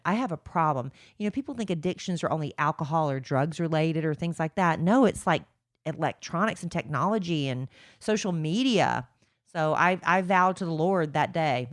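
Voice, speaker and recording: Woman, low voice, candid chatty co-host, tired, dry close mic. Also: no room sound. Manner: candid, self-deprecating, chatty. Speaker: podcast co-host. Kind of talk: casual chat.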